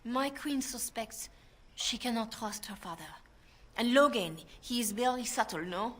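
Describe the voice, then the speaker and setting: A woman's voice: fairly high pitch, measured pace, fairly bright tone. A woman voicing an anxious young handmaiden to a queen, speaking with a heavy French accent in an earnest, pleading way. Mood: urgent.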